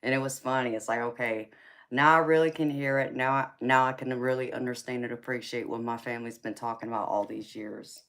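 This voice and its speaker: A woman's voice: extremely low pitch, fairly even intonation, fairly quick, a bit bright. A woman with a Southern drawl hosts a live tarot stream and chats with her viewers. She teases them, laughs often and calls them honey and baby. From California. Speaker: livestream tarot reader host. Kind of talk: casual live-chat banter with viewers.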